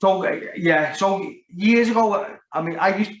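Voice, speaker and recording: A man's voice: sits high, moderate pace. A man with a Liverpool accent, telling a story in casual chat, rambling and swearing heavily. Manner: rambling, heavy swearing, lots of "like". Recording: roomy, dull lo-fi sound.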